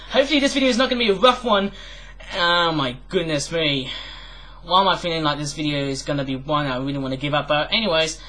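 A man's voice: high voice, a bit bright, poor audio. Rambling, chatty man reviewing toys. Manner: rambling, chatty, with repeated fillers. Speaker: toy review vlogger. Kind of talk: casual toy review vlog.

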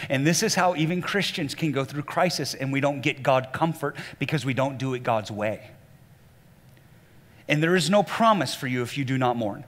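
Male pastor, mid-pitched voice, lively sermon delivery, recorded in a church auditorium with long reverb. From Southern US. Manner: animated, acts out quoted voices at a much higher pitch. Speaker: lead pastor.

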